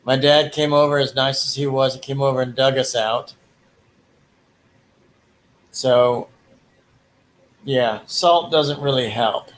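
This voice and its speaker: A man's voice: mid-range voice, steady tone, takes it slowly, long pauses, rough recording. A man hosting a livestream, chatting casually in a rambling way with crude jokes and lots of fillers. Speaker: livestream host. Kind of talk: casual chat.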